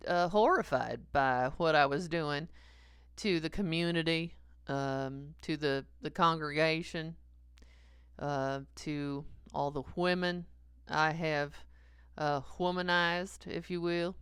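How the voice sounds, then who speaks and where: A woman's voice: low-pitched, fairly even intonation, takes it slowly, a bit bright, clean tone, no echo, clean studio sound. A woman playing a sleazy, confessional 48-year-old male pastor who rambles hesitantly, with lots of fillers, and chuckles at himself. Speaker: comedic character sermon. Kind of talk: stream-of-consciousness comic sermon.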